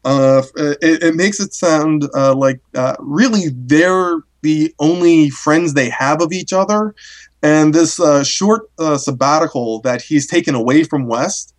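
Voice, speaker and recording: A man with a somewhat high voice talks through a story in relaxed chat. He hesitates often, restarting sentences and filling gaps with "uh". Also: a little slow. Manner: hesitant, many fillers and restarts. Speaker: podcast co-host discussing a story. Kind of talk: casual chat.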